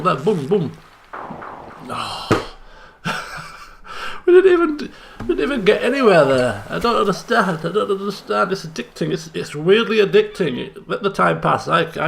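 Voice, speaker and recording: A young man giving excitable let's play commentary, chattering and repeating phrases in bursts. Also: sits high, gravelly, a little hiss or hum. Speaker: gaming channel host.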